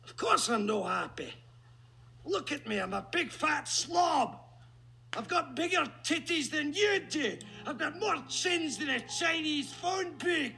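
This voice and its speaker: An actor playing a crude, obese, self-pitying man who whines loudly about himself in a film scene. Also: extremely high pitch, expressive, a little slow, creaky, faint music behind, exaggerated voice. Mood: miserable. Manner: loud, whining self-mockery.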